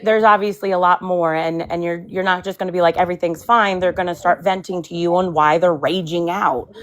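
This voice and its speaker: A woman giving her blunt opinion in a casual group chat, swearing and apologizing in the same breath. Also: fairly low pitch. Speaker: live stream participant.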